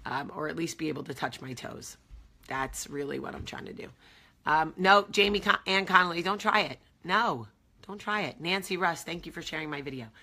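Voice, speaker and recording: A woman's voice: low voice, normal speed, vocal fry, bright, forceful tone. A woman hosting a motivational coffee-talk livestream, emphatic and affectionate, repeating her key phrases to viewers. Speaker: live video host.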